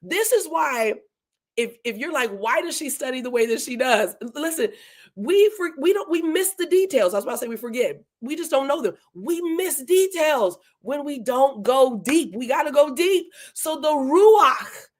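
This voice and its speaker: Woman doing a live bible study, chatty and excited, a bit high voice, slows right down on the verses. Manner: conversational, enthusiastic, with emphatic slowed-down scripture reading.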